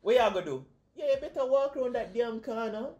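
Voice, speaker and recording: Excitable Jamaican gamer yelling at the game. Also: male voice, very high-pitched, fast talker, lo-fi sound. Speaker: gamer commentator. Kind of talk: let's-play commentary.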